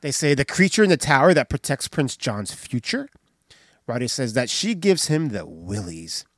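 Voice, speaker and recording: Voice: medium pitch, normal speed, no echo, clean studio sound. A podcast host casually recapping a comedy film scene by scene. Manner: animated, recounts scenes and does voices.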